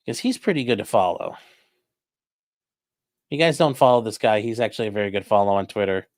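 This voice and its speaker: A man's voice: lowish voice, lively intonation, a little fast, no echo, studio quality. A man hosting a livestream, reading viewer donations and giving casual commentary in a sarcastic, rambling way with casual swearing.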